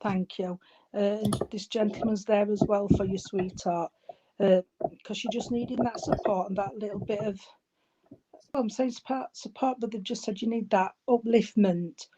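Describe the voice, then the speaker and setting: A woman working as a spiritualist medium at a church service, relaying messages in a halting way and often calling the listener darling or sweetheart. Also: medium pitch, steady tone. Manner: halting, with many fillers and restarts. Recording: loud background noise with clicks.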